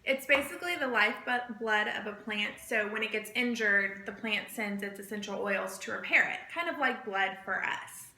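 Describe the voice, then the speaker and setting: A woman's voice: medium pitch, normal speed, hardly any pauses, sharp tone. Easygoing woman co-teaching in an echoey room. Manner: easygoing, agreeable, playful. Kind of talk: casual impromptu class.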